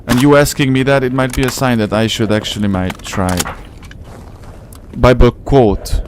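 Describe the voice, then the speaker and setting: A man's voice: mid-range voice, fairly quick, slight background noise. A man giving casual live commentary while streaming a game, chatty and rambling, with a non-native English accent. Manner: chatty, rambling, slangy, talks to chat. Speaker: gaming streamer.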